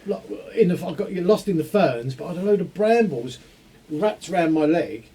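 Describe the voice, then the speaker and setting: A man co-hosting a podcast, telling an animated story in casual chat. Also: on the high side, normal speed, crowd noise. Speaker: podcast co-host.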